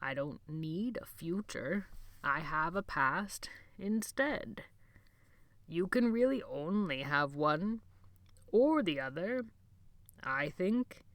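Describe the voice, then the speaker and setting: A woman doing a frail hoarse old librarian. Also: on the low side, lively intonation, no echo. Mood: wistful. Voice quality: hoarse, near-whisper. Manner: slow, halting, dreamy speech. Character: frail, gentle old male asylum librarian.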